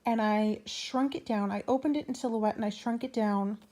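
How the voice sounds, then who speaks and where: A woman's voice: a little high, fairly even intonation, moderate pace, mellow. A young woman chatting casually in a rambling way with fillers and restarts, out of breath and hiccuping. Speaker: planner vlogger. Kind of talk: casual chat.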